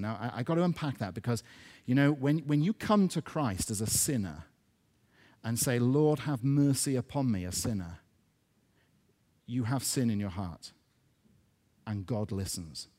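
A man delivers a sermon to his congregation in a middle-pitched voice. He is earnest and often restarts or repeats small words as he goes. When he drives a point home, his voice climbs and grows louder. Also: lively intonation, a little slow, long pauses. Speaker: pastor.

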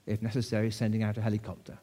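A man's voice: on the low side, completely flat delivery, racing, dark tone. A man in his sixties from the United Kingdom preaching a sermon to his church, telling a story in a conversational way with rhetorical questions.

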